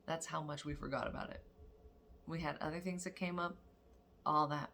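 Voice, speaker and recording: A woman, a mother, telling a lively story in a casual spiritual vlog, acting out quotes and laughing often. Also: low-pitched, normal speed, slight background noise. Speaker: mother of daughters.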